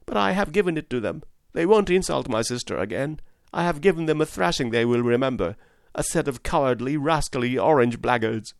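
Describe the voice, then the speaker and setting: A man's voice: on the high side, expressive, moderate pace, creaky, hardly any pauses, no room sound, studio quality, voice pushed up. A man playing an eager young boy. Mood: indignant. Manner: eager, boyish. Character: spirited young boy, protective and indignant.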